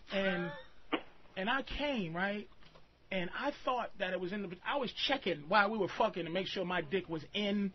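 Man ranting loudly on lo-fi radio. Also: moderate pace, slight background noise. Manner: emphatic, preachy, swings from low to shouting. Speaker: radio show guest giving advice. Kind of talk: loud profane radio rant. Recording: lo-fi radio broadcast.

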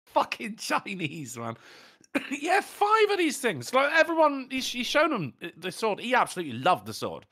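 Sweary British man with a very lively pitch. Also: normal speed. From Britain. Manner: swearing, laughing, storytelling. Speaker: podcast co-host. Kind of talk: casual chat.

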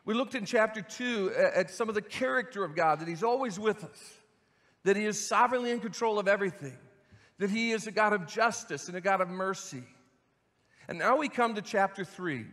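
A man's voice: high voice, brisk, fairly bright tone, big-room sound. A man preaching as senior pastor, reading scripture aloud in an earnest, building voice. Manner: earnest, reads scripture with rising intensity.

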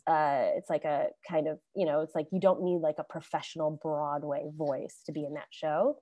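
A woman's voice: low voice, steady tone, normal speed, mellow, no room sound. A woman on a webinar panel casually telling her career story, chatty and loose with lots of fillers and restarts, over a video call. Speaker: alumni panelist.

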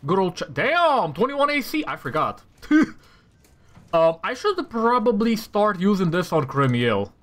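A man plays a tactical role-playing game, talking to himself about his rolls and trash-talking foes with heavy swearing. He speaks in a high, fairly bright, very animated voice at a measured pace.

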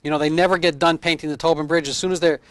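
A man's voice: on the high side, fairly even intonation, very fast, fairly bright tone, dry recording. A man in his fifties, a medical doctor being interviewed in casual chat, rambling through explanations with homespun comparisons. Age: 50s.

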